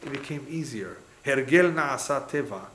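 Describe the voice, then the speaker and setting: A man teaching as a rabbi, telling stories in an animated way and acting out the dialogue as he lectures. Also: mid-range voice, normal speed. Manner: animated storyteller, acts out quoted dialogue. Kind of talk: lecture with storytelling. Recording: echoey room, faint background noise.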